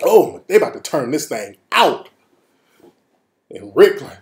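Brief: lively, high-pitched male host telling funny stories, echoey room. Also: unhurried, pauses often. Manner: animated, profane, laughing. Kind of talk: comedic storytelling. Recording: roomy echo.

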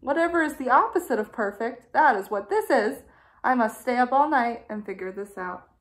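A woman's voice: fairly high pitch, expressive, normal speed, lightly acted. A woman voicing an anxious, modest male square shape in a children's story, hesitant and fretting.

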